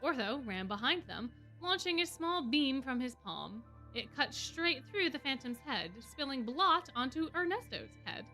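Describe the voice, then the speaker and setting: A woman streamer reading fan fiction aloud in an expressive way. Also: high voice, a little slow, few pauses, faint music behind. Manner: expressive, laughing asides.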